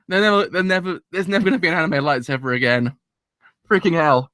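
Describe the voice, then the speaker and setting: Hosting a live anime reaction for his channel, a man with a fairly high, somewhat bright voice talks quickly on a dry recording. He's tearful and crying, rambling emotionally and swearing mildly as he goes.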